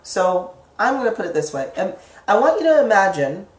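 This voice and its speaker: A woman giving a casual spoken lesson on the mind, chatty and lively, acting out inner voices with sudden leaps up in pitch. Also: normal speed, far from the mic. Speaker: psychic teacher. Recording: echoey room, speaker away from the mic.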